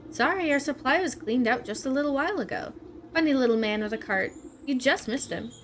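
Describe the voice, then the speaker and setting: A woman's voice: high voice, expressive, fairly quick, fairly bright tone, faint music behind. A woman doing a timid, stammering beekeeper man. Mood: cheerful. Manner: nervous, stammering, fawning. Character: timid lovesick male beekeeper, eager to please.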